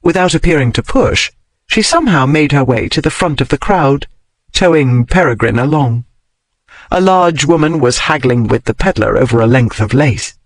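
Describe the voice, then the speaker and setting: A man narrating a historical romance audiobook in an expressive storytelling manner. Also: mid-range voice, normal speed, dry recording, rough recording. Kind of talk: scripted narration.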